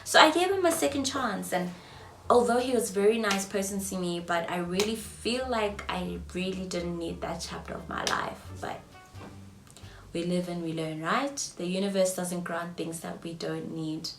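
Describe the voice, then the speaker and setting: A young South African woman in her twenties telling a storytime vlog, swinging between loud outbursts and hushed whispers. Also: on the low side, normal speed, over music. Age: 20s. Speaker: vlogger. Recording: roomy echo, mic at a distance, faint ambience.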